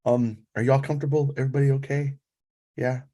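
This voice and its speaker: A man hosts a poetry reading over a video call, gushing casually and peppering his talk with "like." His voice sits at an ordinary middle pitch. He then shifts into reading a poem of his own. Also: level tone, quick pace, dark tone. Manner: effusive, filler-heavy, lots of "like".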